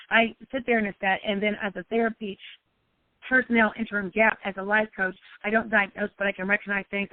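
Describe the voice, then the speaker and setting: A woman's voice: no room sound, narrow, tinny audio. A woman life coach talking personally to her followers, emotional and repetitive. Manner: emotional, repetitive, sometimes cries out high.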